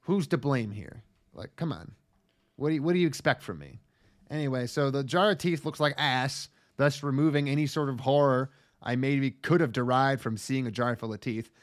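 A man's voice: mid-range voice, normal speed, no room sound, studio quality. A man co-hosting a casual anime recap, sarcastic and profane, slipping into silly voices to act out scenes. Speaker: podcast co-host.

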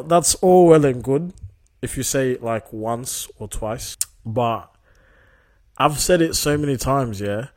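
A man's voice: mid-range voice, a little mellow. A young man hosting a casual solo podcast, talking reflectively and often checking in with the listener through tag questions. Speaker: podcast host.

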